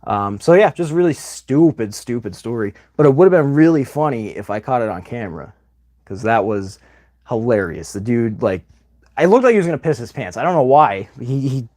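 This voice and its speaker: A man's voice: medium pitch, normal speed. A man hosting a casual livestream, telling a long rambling story and acting out the other people's lines as he goes. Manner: chatty, rambling, animated retelling with quoted voices. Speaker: livestream host.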